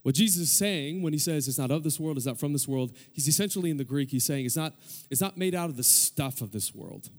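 Quick and animated, with a voice on the high side and a darkish tone, a male pastor preaches amid the long reverb of a church sanctuary. He draws amens from the congregation while his delivery keeps intensifying.

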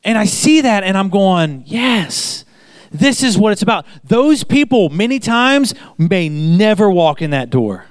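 A man's voice: high voice, big pitch swings, a little slow, clear, resonant tone, dry recording. A man pastor giving a chatty sermon, telling anecdotes and repeating phrases for emphasis. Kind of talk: conversational sermon.

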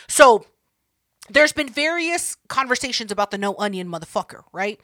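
A woman's voice: a little high, lively intonation, normal speed, fairly bright tone, no echo, studio quality. A young woman co-hosting a podcast, teasing and swearing as she retells stories in casual chat. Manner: profane, teasing, acts out quotes. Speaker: podcast co-host.

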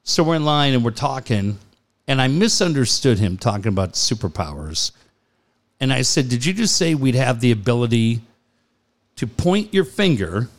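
A middle-aged man bantering on a podcast. His pitch swings widely as he jokes, curses freely and acts out silly quoted lines in an everyday voice. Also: big pitch swings, moderate pace. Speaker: podcast co-host. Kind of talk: casual banter.

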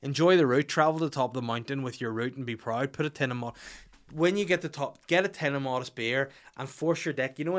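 A man's voice: mid-range voice, a bit bright. A man, hosting a podcast in casual chat, reading out listener questions with blunt, jokey swearing. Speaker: podcast host.

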